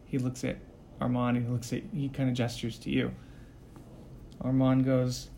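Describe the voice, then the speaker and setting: A man narrating a tabletop role-play as game master, describing the scene in quick, loose speech with fillers. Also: medium pitch, monotone, creaky, mellow, a little hiss or hum.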